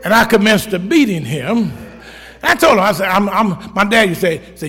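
A man's voice: sits high, expressive, fast, bright, forceful tone, husky, long reverb tail. An older man, a pastor, preaching a sermon in church, telling stories from his own life and punctuating them with amens. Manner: storytelling with call-outs of amen, folksy. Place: church sanctuary.

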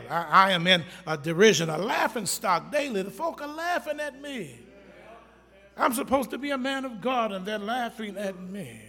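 A man delivering an impassioned sermon, his high, piercingly bright voice carrying a breathy rasp. He swings from thundering emphasis to hushed pleading and voices scripture in plain colloquial speech. A long reverb trails every phrase, as in a large hall. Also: moderate pace. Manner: impassioned, rising to loud emphatic preaching and dropping to quiet pleading. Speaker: preacher.

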